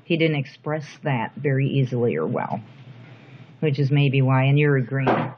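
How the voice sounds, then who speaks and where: A middle-aged woman speaking softly and reflectively in a personal interview, with thoughtful pauses. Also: extremely low pitch, background noise. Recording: dull lo-fi recording.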